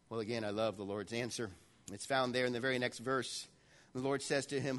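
A man preaching a sermon in a church, animated, swinging between loud passages and hushed ones. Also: mid-range voice, fairly quick. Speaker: pastor.

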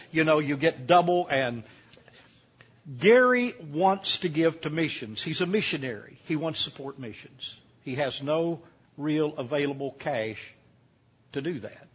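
A man's voice: a little high, husky, lo-fi sound. An older man, speaking as a guest preacher at a camp meeting in a homespun, rambling way with many restarts. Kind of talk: folksy sermon talk.

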